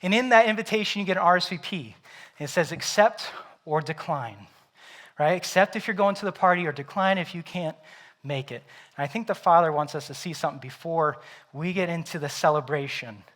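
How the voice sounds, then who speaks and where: A male pastor preaching a sermon in church, moving from quiet reflection to loud, excited storytelling. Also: on the high side, fairly quick. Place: church sanctuary.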